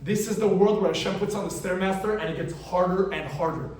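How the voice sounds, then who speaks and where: Animated storytelling rabbi, echoey hall. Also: male voice, high-pitched, brisk, recorded from a distance. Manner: animated, conversational storytelling with asides to the audience. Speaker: rabbi teaching a weekly class. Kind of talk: storytelling sermon.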